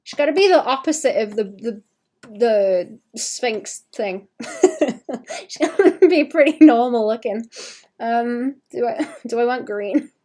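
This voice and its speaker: A young woman artist livestreams while sketching, chatting casually and thinking out loud with frequent giggles. Her voice sits on the high side with a darkish tone, animated but unhurried at a measured pace.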